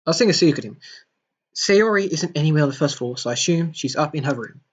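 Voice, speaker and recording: A man's voice: a little high, lively intonation, a little fast, slightly rough, dull audio. A man hosting a let's play, reading a visual novel aloud with jokey, emotional asides.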